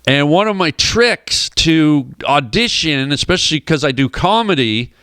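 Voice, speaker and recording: A man, a comedian, telling stories in casual chat as a guest in a radio studio, animated and acting out voices. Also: fairly high pitch, a little slow, clean tone, dry recording. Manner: animated storyteller who acts out voices. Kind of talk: casual storytelling on a radio show.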